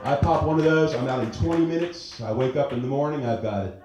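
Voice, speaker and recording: A man's voice: mid-range voice, fast talker, crowd noise. A middle-aged man doing a brash, crude stand-up comedy set on a comedy club stage, with a handheld mic. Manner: brash, crude, with mock-fussy character voices. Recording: very echoey club room.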